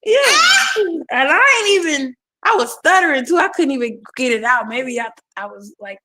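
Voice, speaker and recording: A woman's voice: high-pitched, sing-song, moderate pace, sharp tone, slight background noise. A woman in her forties telling a rambling story with frequent giggles, in a casual chat.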